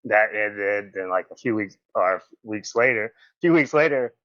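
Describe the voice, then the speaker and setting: A man, a podcast guest telling stories in a casual interview. He is animated, acts out quoted lines in a raised voice and laughs often. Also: fairly low pitch, normal speed, no echo. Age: 40s. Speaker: podcast guest, former wrestler. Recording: dull, slightly muffled audio.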